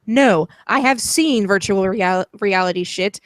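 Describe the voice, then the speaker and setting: A woman's voice: medium pitch, a little slow, few pauses, no echo. A woman co-hosting a casual commentary chat, talking bluntly, swearing freely and rambling with fillers. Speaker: co-host.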